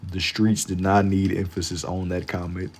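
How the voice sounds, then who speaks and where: A young man chats with his live-stream audience in a loose, slangy way. His voice sits fairly low. He often repeats a phrase two or three times while he gathers his thoughts. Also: level tone, normal speed, slightly rough. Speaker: livestreamer drawing for chat. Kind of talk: casual live-stream chat.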